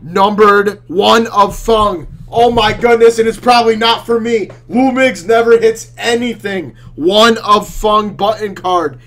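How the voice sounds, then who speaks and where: A man putting on the voice of a brash, excitable card-collecting loudmouth who shouts and trash-talks while opening packs. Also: sits high, measured pace, few pauses. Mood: boisterous. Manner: loud, trash-talking, exclaiming. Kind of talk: card-break commentary in character.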